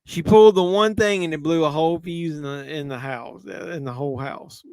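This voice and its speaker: A man with a Southern drawl chats loosely through a movie watch-along, cracking jokes while he drinks. His voice sits a little high and comes across smooth and clear. The sound is dry, with no room around it. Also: a little fast, darkish tone, dry recording. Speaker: livestream host.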